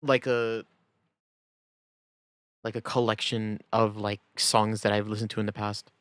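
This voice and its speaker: A man's voice: on the low side, flat delivery, unhurried, a bit bright, no echo, studio quality. Rambling man streaming a game. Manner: rambling, filler-heavy. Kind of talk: casual gaming stream chat.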